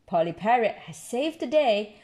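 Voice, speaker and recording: A woman reading a picture book aloud to a child, gently explaining words along the way. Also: on the high side, animated, normal speed. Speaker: storyteller.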